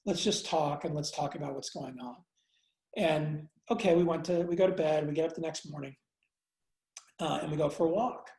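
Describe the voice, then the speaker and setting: A man recounts a personal story as an interview guest, reflective and unguarded, stopping and restarting his sentences. His voice has a gravelly fry and the room rings with noticeable echo. He swears casually and talks without polish. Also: fairly high pitch, darkish tone. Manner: reflective, halting, many fillers and restarts. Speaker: interview guest, entrepreneur and investor. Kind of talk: candid conversational storytelling.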